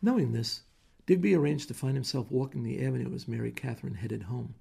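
A man reading a short story aloud in measured, plain narration. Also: medium pitch, vocal fry, warm tone, husky.

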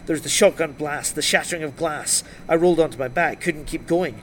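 A man reading a first-person crime novel aloud in a dry, wry, steady storytelling voice. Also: on the high side, a little fast, slight background noise. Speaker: audiobook narrator.

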